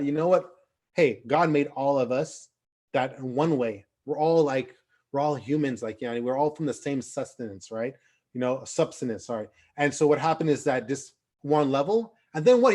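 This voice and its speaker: A man teaching an online youth class over a video call, lively and asking his students questions as he acts out quotes. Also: fairly high pitch. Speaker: Islamic teacher.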